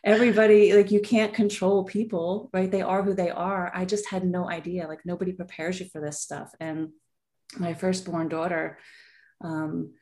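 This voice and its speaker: A woman's voice: fairly low pitch, little pitch movement, normal speed, warm tone. A woman in her forties, a podcast guest, telling a heartfelt personal story in a rambling way with many fillers.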